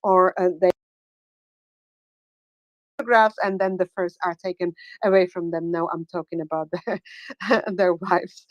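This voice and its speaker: Woman hosting a live audio room, lots of uhs, gets excited, muffled dry lo-fi sound. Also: lowish voice, no room sound. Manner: halting, many filler sounds, excitable. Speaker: host.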